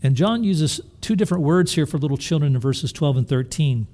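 A man's voice: fairly high pitch, animated, a little fast, mellow. A man preaching a sermon as pastor, earnest and full of questions to his listeners, often restarting and repeating words as he thinks aloud. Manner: earnest, with rhetorical questions to the congregation.

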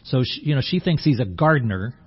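A man's voice: mid-range voice, lively intonation, fairly quick, husky, dull audio. A man preaching a sermon in a conversational way, acting out the scene and often restarting his words. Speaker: pastor.

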